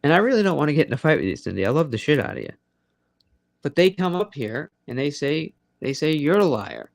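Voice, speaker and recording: A man's voice: a little high, big pitch swings, a little fast, vocal fry, no room sound. A man hosting a live late-night audio chat room, rambling and swearing freely as he talks straight to his listeners. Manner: profane, rambling and conversational.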